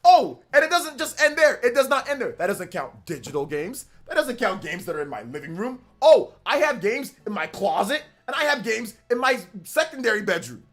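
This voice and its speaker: A man hosting a casual gaming live stream, excitable, repeating himself and laughing at himself as he talks. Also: very high voice, moderate pace, hardly any pauses.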